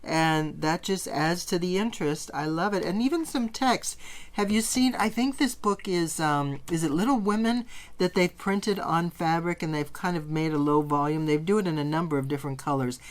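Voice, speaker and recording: A middle-aged woman teaching quilting in a relaxed, chatty tutorial. She talks with bubbly enthusiasm, gushing over colors and fabrics as she goes. Her voice sits a little low for a woman. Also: moderate pace. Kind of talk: casual sewing tutorial.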